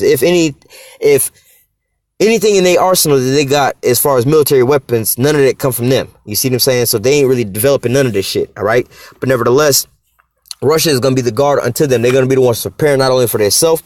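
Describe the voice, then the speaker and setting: Man, fast-talking, brash profane bible teaching, dry close sound. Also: mid-range voice, a little mellow, no room sound. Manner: brash, profane, rhetorical questions. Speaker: street preacher.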